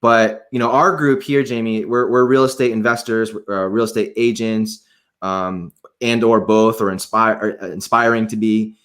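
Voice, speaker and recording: A man's voice: fairly low pitch, normal speed. Enthusiastic male podcast host. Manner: excited, enthusiastic. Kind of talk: casual interview hosting.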